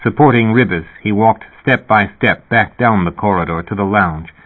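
A man reading science fiction as an audiobook narrator in a steady, even storytelling manner, over a phone-like narrow sound. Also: lowish voice, moderate pace.

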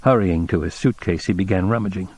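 A man narrating an audiobook in a measured, deliberate reading style. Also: deep voice, a little mellow, slightly rough, dry recording. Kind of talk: scripted narration.

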